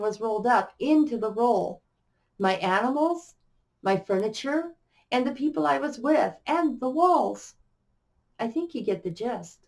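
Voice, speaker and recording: Dramatic woman reading her own memoir. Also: on the high side. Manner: dramatic, shifts between slow drawn-out and quick phrases.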